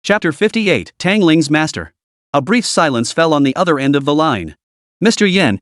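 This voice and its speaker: A man narrating a web novel in an expressive storytelling style. His voice sits a little high and swings widely in pitch. The recording is dry and close. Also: dry recording.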